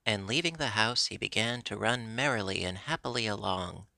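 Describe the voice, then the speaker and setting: A man narrating a classic storybook chapter in a steady, measured reading. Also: on the low side, vocal fry, no room sound. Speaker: audiobook narrator.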